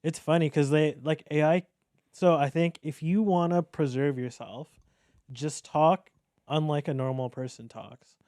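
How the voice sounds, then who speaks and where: A man's voice: on the high side, fairly even intonation, a little slow, mellow, no room sound, studio quality. A man co-hosting a podcast who tells stories playfully and acts out quotes as he goes. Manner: playful storytelling, acts out quotes, laughs often. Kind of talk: casual chat.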